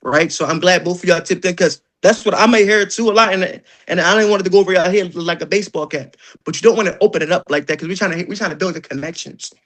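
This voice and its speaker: A man with a high, bright voice coaches a room of door-to-door sellers. He talks animatedly, jokes constantly and slips into little acted-out doorstep conversations. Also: fast, few pauses. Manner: animated, joking, acts out doorstep exchanges. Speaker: sales trainer. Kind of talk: energetic sales training talk.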